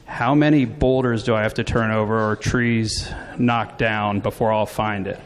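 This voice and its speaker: A man in the audience asking an animated question at a live Q&A. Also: fairly low pitch, normal speed. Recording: echoey hall, faint background noise.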